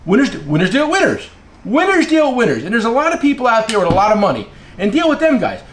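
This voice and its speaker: A man's voice: extremely high pitch, wildly swooping pitch, fast talker. A man who is an independent tool dealer, giving blunt casual advice, repeating his key phrases.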